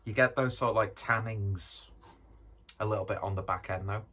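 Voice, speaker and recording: A deep, husky-voiced man talks through a beer tasting in loose, rambling chat. He cracks self-deprecating jokes and swears casually as he goes. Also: steady tone, moderate pace, sharp tone. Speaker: beer reviewer.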